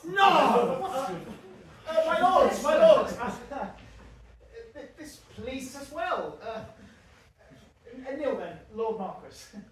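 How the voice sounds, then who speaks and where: A man portrays a giddy, easily flustered young king who stammers through his words with nervous hesitations. He speaks slowly. The voice comes from a distance, ringing through a large theatre with faint ambient noise. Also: extremely high pitch, big pitch swings, full character voice. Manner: hesitant, stumbling with uh's and laughs. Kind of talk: stage acting. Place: theatre stage. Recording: echoey theatre from far off.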